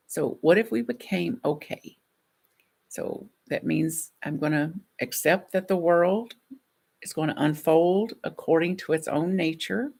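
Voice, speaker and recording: A middle-aged woman minister giving a gentle, reflective sermon with soft laughs. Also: on the low side, unhurried, creaky, slightly rough.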